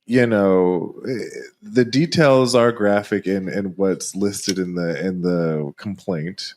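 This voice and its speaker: Slow, deep-voiced man. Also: darkish tone. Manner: measured, careful, hedging with ums. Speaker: podcast co-host. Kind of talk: casual chat.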